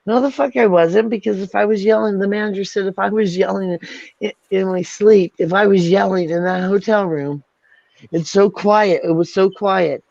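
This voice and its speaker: A woman's voice: mid-range voice, fairly even intonation, normal speed, creaky, a little mellow, no room sound. A woman hosting a livestream, ranting angrily and swearing, repeating herself as she vents. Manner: furious, profane, repetitive ranting. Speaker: channel host. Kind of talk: angry livestream rant. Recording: dull lo-fi dry sound.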